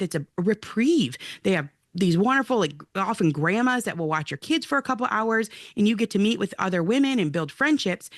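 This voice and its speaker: A woman's voice: medium pitch, no echo. Woman in her 40s telling her story on a podcast, earnest, acts out the quotes, dry close sound. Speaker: guest, mother and outdoor-play advocate. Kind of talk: telling a personal story in an interview.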